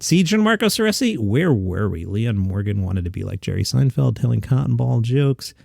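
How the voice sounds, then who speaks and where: A man hosting a daily comedy news show, reading the items in a scripted way with deadpan asides. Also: mid-range voice, normal speed, gravelly, dry recording, clean studio sound.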